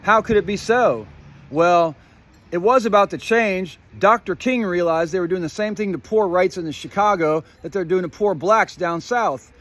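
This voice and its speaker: Man, high-pitched voice, rambling conspiratorial vlog monologue, swears a lot, talks to viewers directly. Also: normal speed, a bit bright. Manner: profane, swears often; rambling, jumps between topics, plays on words. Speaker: vlogger.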